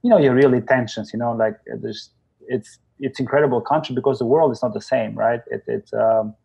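A man in his forties from Albania, speaking English with an Albanian accent, telling his life story as a guest in a casual interview, lively and quick to laugh. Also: medium pitch, gravelly, breathy edge, muffled recording. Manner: animated storyteller, acts out quoted voices, laughs often.

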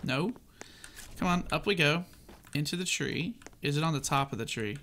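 A man giving casual, excitable commentary as he plays a video game and narrates his own moves. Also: a little high, moderate pace, slight background noise. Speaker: gaming channel host.

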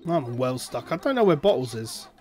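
A man's voice: mid-range voice, big pitch swings, moderate pace, darkish tone. A man co-hosting a let's play, dry and teasing, stubborn when arguing. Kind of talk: casual gaming commentary. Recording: game music clearly behind.

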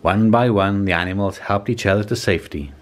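A man reading a children's picture book aloud in a calm, measured storytelling manner. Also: lowish voice. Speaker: storybook reader.

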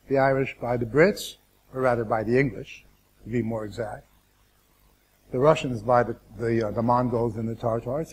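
A man speaking as a guest lecturer to students, deliberate and wry, with asides and restarts. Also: mid-range voice, slight background noise.

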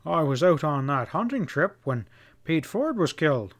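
A jovial, boastful ranch manager in a western audiobook, bragging with false modesty, as a male narrator puts him on. The voice is raised high above the reader's own. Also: sing-song, moderate pace.

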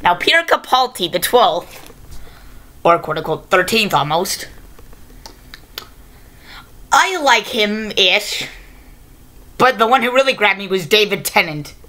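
A woman's voice: mid-range voice, big pitch swings, measured pace, pauses often, bright, forceful tone. A woman hosting a casual, improvised video review, rambling and correcting herself as she goes. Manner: rambling, unscripted, self-correcting.

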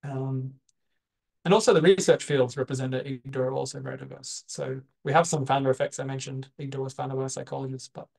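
A man presents his work over a video call, his gravelly voice staying flat and level. He talks hesitantly, pausing and restarting often with plenty of fillers. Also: mid-range voice, rough recording. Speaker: guest speaker. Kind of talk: online presentation.

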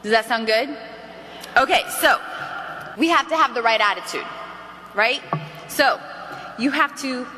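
A woman giving an energetic motivational sales training to a roomful of people, acting out phone calls as she goes. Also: a little high, a little slow, long pauses, big-room sound. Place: meeting hall.

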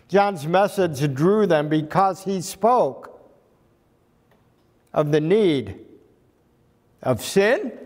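A man's voice: on the high side, a little mellow. A man preaching a sermon as pastor, earnest and building to emphatic climaxes. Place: church sanctuary. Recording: long reverb of a church hall.

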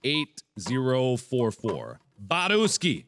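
A young man giving let's-play game commentary, swinging from muttered asides to panicked yelling. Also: on the high side, wildly swooping pitch, a little slow, pauses often, noisy background. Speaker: gaming video host.

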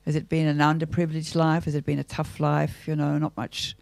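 A woman's voice: deep voice, monotone, fairly quick, gravelly, a little mellow, no echo. An older Australian woman, an actress talking thoughtfully and theatrically in an interview, asking herself questions as she goes. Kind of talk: reflective interview talk.

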